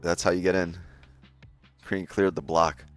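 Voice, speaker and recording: A man's voice: sits low, steady tone, a little slow, soft background music. A man hosting a casual trading live stream, talking straight to his chat in a loose, joking way and swearing often.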